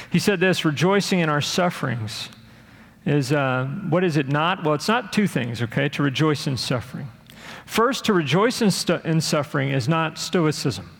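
Gravelly-voiced man preaching in a hall. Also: a little high. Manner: earnest preaching, acting out quoted voices. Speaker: pastor. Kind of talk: sermon. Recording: long hall reverb.

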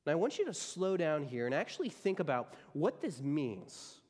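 A man's voice: on the high side, big pitch swings, moderate pace, hardly any pauses, a little mellow, big-room sound. A man preaching a sermon as a pastor, emphatic and driving his points home by repeating key phrases.

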